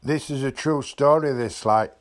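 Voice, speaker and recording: A man's voice: mid-range voice, moderate pace, natural voice. A Yorkshireman doing a blokey storytelling animal. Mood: cheeky. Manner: blokey storytelling, drops down for asides. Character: a talking trained animal telling tall tales. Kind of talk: dubbed comic voice-over.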